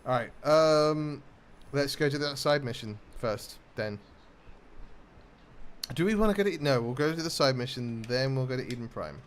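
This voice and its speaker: A gameplay streamer with a Northern English accent gives casual, self-mocking let's-play commentary and reads the game text aloud. His mid-range voice moves at a moderate pace over slight background noise and faint game music.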